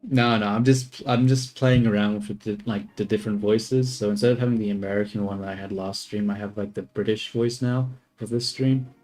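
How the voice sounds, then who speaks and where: A young man livestreams his 3D modeling, thinking aloud in casual chatter and trailing off or correcting himself along the way. His lowish, slightly mellow voice keeps a fairly even intonation, running a little fast with hardly any pauses over soft background music.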